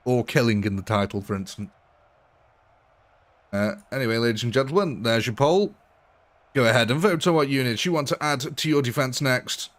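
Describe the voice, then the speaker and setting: A man live-streaming a game, chatting casually, answering viewers' comments and laughing often. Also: on the low side. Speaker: gaming livestreamer.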